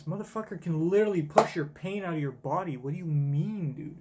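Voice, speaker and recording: A man's voice: fairly high pitch, brisk, background noise. A man reacting live to a manga chapter as a streamer, blunt and swearing often.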